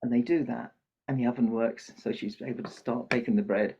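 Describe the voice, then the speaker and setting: A man's voice: medium pitch, fairly even intonation, brisk, dark tone, husky. An older man who works as Santa, telling a children's story in a podcast interview and acting out the characters' lines. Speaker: podcast guest, Santa performer. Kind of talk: storytelling in conversation. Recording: muffled lo-fi podcast audio.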